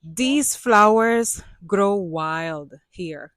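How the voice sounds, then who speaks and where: A woman's voice: mid-range voice, expressive, drawn-out words, a bit bright, dry recording. Cuban woman, 40s, walking vlog, slightly out of breath, chatty and laughing, dry close sound, outdoor trail. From Cuba. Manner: chatty, laughs often, non-native phrasing. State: out of breath from climbing. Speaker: vlogger.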